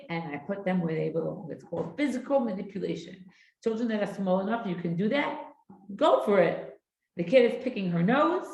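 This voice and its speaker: Middle-aged woman, parenting class teacher, storytelling lecture, room echo. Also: mid-range voice. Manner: lively storyteller who acts out family dialogue. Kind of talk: lecture with anecdotes. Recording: echoey room.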